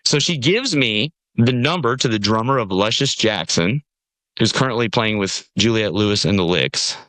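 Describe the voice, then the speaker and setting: A man's voice: fairly low pitch, normal speed, no echo. A man from Nashville, telling a long story as a podcast guest and acting out the people he quotes. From Nashville, USA. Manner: animated storyteller, acts out quoted voices. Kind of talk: casual storytelling conversation.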